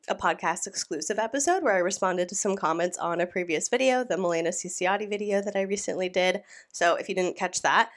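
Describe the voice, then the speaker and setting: A young woman hosting a reaction video, sounding out of breath from a sinus illness, rambling and teasing in casual chat. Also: lowish voice. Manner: rambling, playful and mocking. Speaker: YouTube reaction host. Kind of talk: casual chatty commentary.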